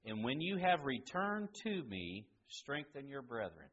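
A man preaching a sermon, asking his listeners questions and swinging between loud emphasis and quiet, hushed lines. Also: medium pitch, very animated, a little slow, lo-fi sound, slight background noise.

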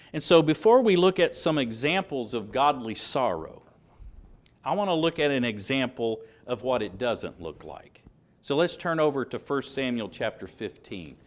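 A man preaching, a pastor reading scripture aloud and explaining it with animated emphasis. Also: medium pitch.

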